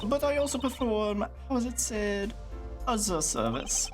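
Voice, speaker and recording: A woman's voice: mid-range voice, animated, measured pace, over music, natural voice. Woman putting on a timid Russian waitress. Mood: hesitant. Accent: put-on Russian. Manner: hesitant, self-conscious attempt at the accent. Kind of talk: reading game lines aloud on a livestream.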